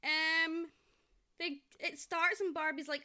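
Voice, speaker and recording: A young woman with a high, bright voice co-hosts a podcast, swearing casually and acting out mock quotes. Her pitch leaps around a lot as she talks. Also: expressive, brisk. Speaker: podcast co-host. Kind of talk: casual chat.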